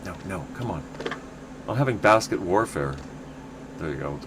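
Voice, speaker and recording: A man's voice: sits low, lively intonation, moderate pace, background noise. A middle-aged man from the United States, chatting in a rambling, casual way while streaming a game. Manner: rambling, chatty, many restarts.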